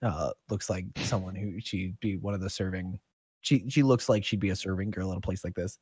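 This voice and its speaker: A man narrating a tabletop game as its game master, loose and chatty, with a mid-pitched, slightly husky voice. The recording is close and dry, with no room sound. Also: brisk, a little mellow, dry recording.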